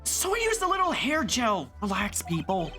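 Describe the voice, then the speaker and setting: A woman's voice: on the high side, wildly swooping pitch, moderate pace, over music. Woman reading a flippant young defense lawyer.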